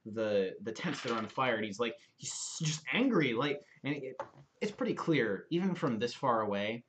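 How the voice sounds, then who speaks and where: A man's voice: medium pitch, animated, moderate pace, noisy background. A young man running a tabletop game as dungeon master, narrating the scene loosely with many fillers.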